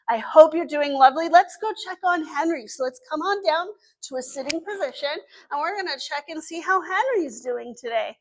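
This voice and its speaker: Woman, children's librarian, Southern US accent, high voice, sing-song, encouraging, story time. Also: expressive, normal speed, hardly any pauses, slight background noise.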